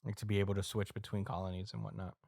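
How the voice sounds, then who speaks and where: Low-voiced man recapping in loose chat. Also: level tone, racing, darkish tone. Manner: loose storytelling full of ums and uhs. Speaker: podcast co-host. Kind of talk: casual chat, recapping a manga chapter.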